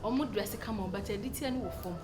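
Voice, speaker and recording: An actress with a Ghanaian accent playing a brash young woman who teases loudly in a sing-song comedy style. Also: mid-range voice, fast, natural voice. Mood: teasing. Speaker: comic film character. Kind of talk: comedy film dialogue. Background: music.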